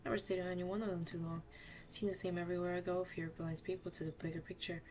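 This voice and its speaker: Brief: a gruff, swaggering drifter, a woman trying a British accent. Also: on the low side, flat delivery, fast, a little mellow, natural voice. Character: rough male drifter who says survival of the fittest.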